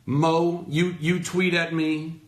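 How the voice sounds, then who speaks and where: A man's voice: on the high side, level tone, slow pace, echoey room. A man in his thirties hosting his own livestream, ranting passionately to his followers and swearing freely. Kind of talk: heated off-the-cuff rant to followers. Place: indoors, talking to a phone livestream. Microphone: phone.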